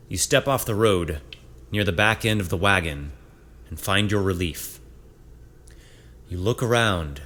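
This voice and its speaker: A man narrating a tabletop adventure as game master in a measured storytelling manner. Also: sits low, fairly bright tone.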